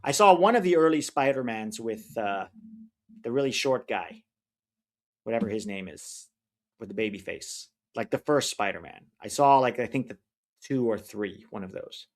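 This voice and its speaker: A man hosts a livestream watch-along, chatting casually and reading viewer comments in an animated, medium-pitched voice at a moderate pace. Opinionated yet easygoing, he rambles and often loses track of names mid-sentence.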